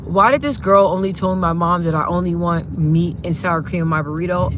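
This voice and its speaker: A woman hosting a casual live stream from her phone while she drives, chatting with her viewers and venting in an animated way with sudden pitch jumps. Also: a little fast, hardly any pauses. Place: in a car while driving. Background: faint car noise.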